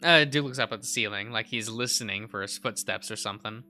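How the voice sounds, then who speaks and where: A man's voice: on the low side, a little fast, pushed and bright. A young man streaming, reading a visual novel aloud with many uhs and restarts.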